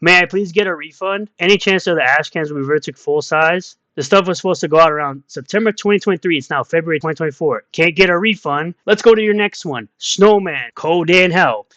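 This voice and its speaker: A man's voice: fairly high pitch, a little fast, hardly any pauses, sharp tone, no echo, muffled recording. A man giving ranting online commentary in a combative, mocking way, repeating insults as he reads out comments.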